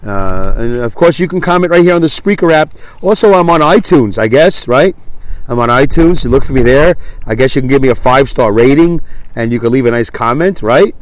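A man's voice: mid-range voice, animated, fairly quick, no room sound. A man hosting a solo podcast, rambling and self-deprecating, his voice stuffy from a clogged nose. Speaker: podcast host. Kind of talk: casual solo podcast monologue.

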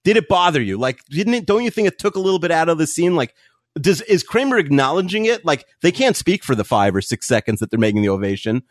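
Animated rambling man, dry close mic. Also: a little high, fast talker, no room sound. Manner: animated, rambling with many fillers. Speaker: podcast co-host. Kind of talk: casual chat.

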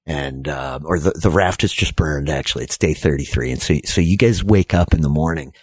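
A man narrating as game master of a tabletop role-playing game, telling the story in a relaxed way full of fillers. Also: very deep voice, fairly quick, husky, dry recording.

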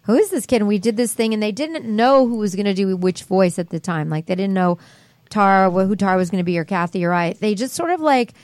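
A woman voice actress chatting casually as a guest, telling animated stories and acting out the exchanges she quotes. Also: mid-range voice, fast, no room sound. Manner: animated storyteller who acts out quoted exchanges. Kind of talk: casual chat.

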